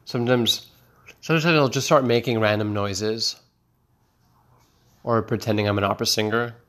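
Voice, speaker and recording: A man's voice: fairly low pitch, steady tone, moderate pace, a bit bright. A man doing rambling, profane stand-up comedy, telling self-mocking stories.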